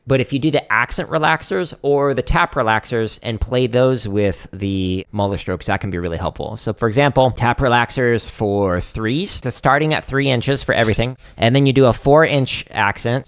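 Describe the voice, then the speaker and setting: A man's voice: lowish voice, clean tone. A man teaching drumming on a livestream Q&A, explaining casually with lots of fillers and counting out strokes. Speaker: drum teacher. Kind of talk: livestream Q&A lesson.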